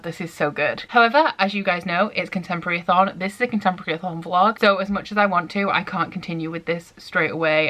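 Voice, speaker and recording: A young woman chatting excitedly in a casual reading vlog, full of "like" fillers. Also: fairly low pitch. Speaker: book vlogger.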